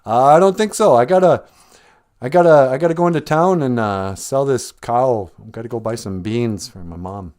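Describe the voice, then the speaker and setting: A man's voice: on the low side, unhurried, few pauses, a little mellow, lightly acted. A man voicing a naive young boy who talks eagerly and rambles. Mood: pleading.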